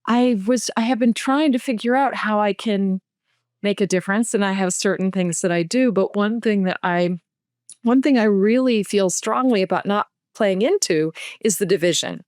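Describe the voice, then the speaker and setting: A woman's voice: mid-range voice, darkish tone, no echo. A woman from the United States, a guest author, speaks in a heartfelt and emotional way on a podcast. Her voice sits in a middling range, and the recording is close and dry, with no room sound. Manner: earnest and emotional, speaks slowly with feeling.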